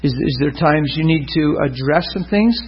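A male preacher giving an animated sermon to a congregation, telling a story and acting out the voices in it. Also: on the high side, normal speed, breathy edge, highs cut off. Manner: animated, acts out voices and laughs often. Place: church before a live congregation.

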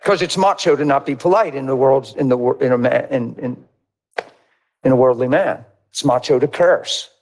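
A middle-aged man preaching, telling his testimony in a lively, conversational way and acting out dialogue. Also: medium pitch, moderate pace, a little hiss or hum. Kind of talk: testimony sermon, storytelling.

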